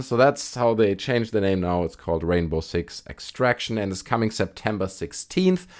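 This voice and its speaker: A man with a fairly low voice gives his opinions on video games for his channel. He is blunt and sarcastic, and he rants openly about what he dislikes. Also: expressive, a little fast, hardly any pauses. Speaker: gaming YouTuber. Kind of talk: opinionated video game commentary.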